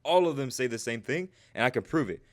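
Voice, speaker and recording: A man's voice: mid-range voice, lively intonation, quick pace. A man talks to his stream audience as a trading coach, loose and conversational, with a mid-range voice. He tacks a questioning "right?" onto nearly every point and calls out viewers in the chat by name. It sounds like an informal live coaching session rather than a scripted lecture.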